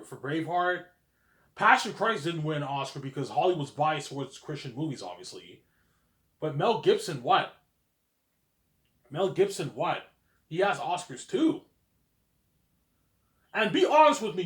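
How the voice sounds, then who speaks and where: A man with a slightly high voice talks casually to his viewers and keeps throwing rhetorical questions at them. His voice rings in a roomy, echoey space. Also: a bit bright. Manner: chatty, addresses viewers, asks rhetorical questions. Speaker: vlogger. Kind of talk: casual opinion monologue. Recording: roomy echo.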